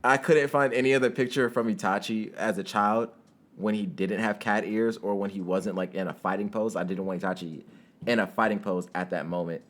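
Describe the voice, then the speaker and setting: A young man narrating a fan story and then chatting casually to his viewers, rambling and laughing, jumping into high squeaky tones when he jokes. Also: steady tone, fairly quick. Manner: giggly, rambling, jumps into high squeaky bits when joking.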